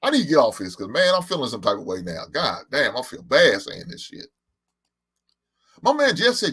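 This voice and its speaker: A man in his forties rambles through a casual live-stream chat, swearing freely and breaking into laughter as he answers viewers. His pitch rises and falls a lot, and he sounds loose and unscripted. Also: wildly swooping pitch, normal speed, sharp tone, breathy edge. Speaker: podcast host.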